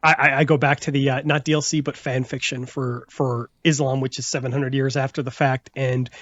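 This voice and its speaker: A man's voice: mid-range voice, flat delivery, brisk, fairly bright tone, lo-fi sound. A man hosting a casual podcast chat, rambling with many restarts and fillers and laughing often. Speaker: podcast host.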